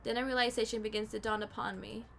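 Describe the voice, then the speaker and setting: A woman streaming a game, reading the story aloud and ranting loudly about the characters in an exasperated way. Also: a little high, flat delivery, fast, creaky. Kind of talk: game playthrough commentary and reading.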